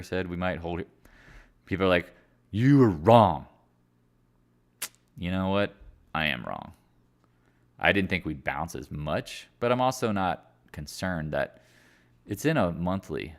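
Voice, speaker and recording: A man hosting a casual live market chat, rambling and joking as he walks through charts, sometimes laughing at himself. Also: low voice. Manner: sings and mimics other traders in silly voices.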